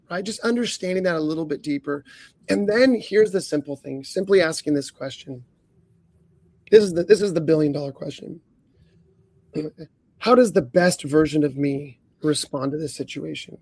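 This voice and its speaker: An earnest man coaches listeners on a podcast, with a high voice. He often clears his throat and strings rhetorical questions together. The sound is dry and close to the mic. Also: moderate pace, a little mellow, dry recording. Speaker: leadership coach, podcast co-host.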